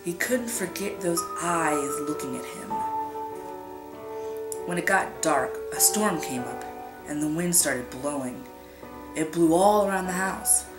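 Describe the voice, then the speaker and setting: A woman reading a scary story aloud in a suspenseful, drawn-out way, whispering the sound effects. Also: low voice, animated. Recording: echoey room with music behind.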